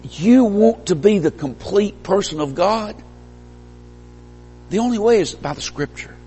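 A man preaching a sermon, emphatic, swinging from stressed peaks to quiet low lines. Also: expressive, a little slow, slight background noise. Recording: long hall reverb.

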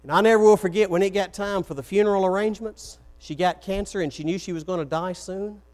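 A man's voice: high voice, fairly even intonation, fast talker, a little mellow. A man preaching a sermon, telling stories and acting out the quoted voices. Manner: storytelling, acts out quoted voices.

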